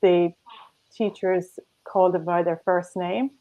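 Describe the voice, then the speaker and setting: A woman's voice: lowish voice, fairly even intonation, slow, mellow, highs cut off. Chatty agreeable woman co-host. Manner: agreeable, chatty, many backchannels. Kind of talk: conversational interview.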